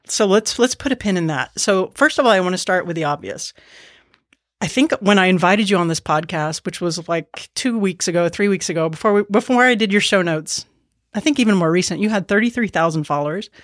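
A woman's voice: fairly low pitch, animated, a little fast, no echo, clean studio sound. A woman co-hosting a podcast, chatting casually and enthusiastically and giggling easily. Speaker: podcast co-host.

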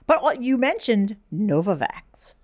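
A woman co-hosting a podcast in casual chat, animated and quick to curse in her banter. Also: mid-range voice. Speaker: podcast co-host.

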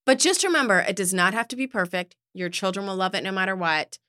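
A woman co-host tells a family story in an animated, chatty way and slips into little voices for each person in it. Her tone is bright and her pitch swings widely. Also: fast talker. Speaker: podcast co-host. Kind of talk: casual chat.

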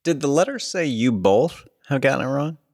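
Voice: medium pitch, animated, normal speed, no room sound, clean studio sound. A podcast co-host from Manhattan trading crude wisecracks in casual chat. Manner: wisecracking, crude jokes, shouted bits.

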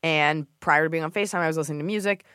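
Animated woman podcast host, dry close mic. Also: racing, clean tone, no echo. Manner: animated storytelling, swears freely, mimics others in a shrill voice. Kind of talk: casual comedic chat.

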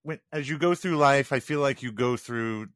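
A man, co-hosting a podcast in casual chat and telling lively stories. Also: mid-range voice, normal speed, no room sound, clean studio sound. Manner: animated storyteller who mimics crowd chants. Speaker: podcast co-host.

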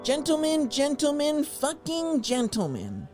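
A man's voice: very high-pitched, wildly swooping pitch, measured pace, loud music behind the voice, voice pushed up, full character voice. A man voicing a fussy male host who calls players to a poker game, prim and easily exasperated. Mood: officious.

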